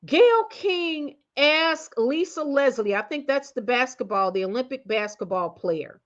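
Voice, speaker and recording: A woman hosting a casual opinion commentary, talking in slang, meandering through fillers and restarts and swinging between loud outbursts and muttered asides. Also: sits high, lively intonation, a little slow, lo-fi sound. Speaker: commentary channel host.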